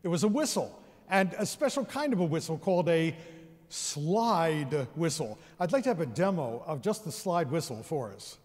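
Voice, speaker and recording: A man's voice: a little high, big pitch swings, moderate pace, darkish tone. A man presenting an educational concert, leading the audience in counting and singing rhythms with the orchestra in a large theater. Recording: long reverb of a large theater hall.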